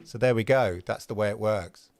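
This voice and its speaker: A man's voice: lowish voice, moderate pace, gravelly, a little mellow, dry recording. A man hosting a casual gaming livestream, rambling and talking back to his chat viewers. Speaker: host of a livestream gaming show.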